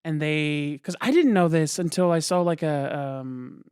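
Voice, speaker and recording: A man's voice: on the high side, a little slow, a little mellow, clean tone, dry recording, clean studio sound. A young man co-hosting a podcast in loose, casual chat. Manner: loose, laughs easily. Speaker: podcast co-host.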